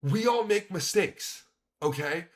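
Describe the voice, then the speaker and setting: A man with a slightly high voice vents furiously in a reaction stream. He swears freely and pushes his points hard. His talk is heated, blunt commentary. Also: lively intonation, slow. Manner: angry, profane ranting.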